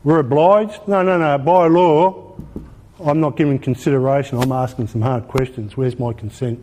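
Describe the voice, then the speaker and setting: A man's voice: mid-range voice, fairly even intonation, moderate pace, a little mellow, a little hiss or hum. A man with an Australian accent giving an informal presentation, emphatic, repeating his points and asking rhetorical questions. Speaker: speaker.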